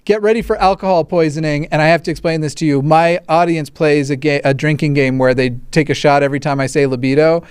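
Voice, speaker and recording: A man's voice: a little high, steady tone, fast talker, few pauses, a little mellow, smooth, no room sound. A man co-hosting a livestream, chatting casually with sarcastic, joking banter. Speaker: podcast co-host.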